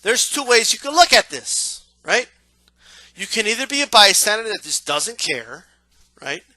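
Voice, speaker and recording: Bright, high-voiced man talking boxing. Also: a little slow, no echo. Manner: animated, acts out yelling crowd members, repeats "right?". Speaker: boxing commentator. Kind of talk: casual monologue.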